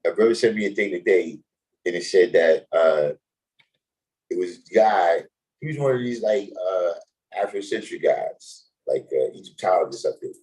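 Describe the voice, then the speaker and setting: A man hosting a casual livestream chat, telling stories in an animated, slangy way and laughing often. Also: sits low, moderate pace, poor audio. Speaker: host.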